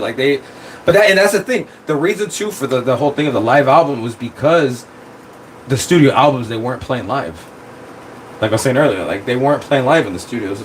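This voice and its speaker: A man hosting a casual livestream, talking into his phone in a rambling, excitable way with plenty of swearing. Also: mid-range voice, a little hiss or hum, low-quality recording. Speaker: streamer.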